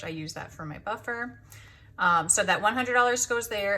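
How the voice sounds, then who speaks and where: Chatty young woman, bright voice. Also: on the low side. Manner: chatty, counts cash aloud softly. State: out of breath. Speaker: budgeting channel host. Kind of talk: casual chat to camera.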